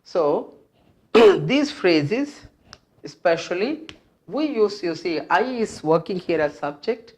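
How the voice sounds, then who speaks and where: A grammar teacher gives a lesson in an unhurried, deliberate way. Each example is said twice or more, and the explanation moves step by step. Short fillers break up the sentences as the rule is built. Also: medium pitch, lively intonation, darkish tone. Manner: patient, repeats each phrase and rule several times. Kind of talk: classroom grammar lesson at a board.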